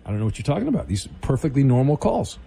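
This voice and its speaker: A man hosting a sports call-in radio show, deadpan and teasing, often restarting his sentences. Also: medium pitch, racing, gravelly, slightly rough. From Southern California. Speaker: sports talk radio host.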